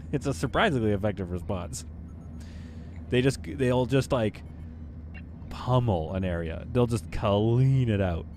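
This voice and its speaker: A man's voice: on the low side, animated, unhurried, long pauses, a little mellow, slight background noise. A man streaming a game live, chatting casually, laughing often and reading viewer comments aloud.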